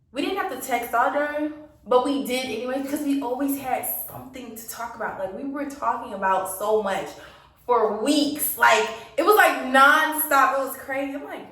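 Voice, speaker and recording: A woman's voice: fairly high pitch, a bit bright, roomy sound, far from the mic. Chatty young woman telling a dating story. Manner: chatty, laughs often, acts out quoted dialogue. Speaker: storytime vlogger. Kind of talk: casual storytime chat.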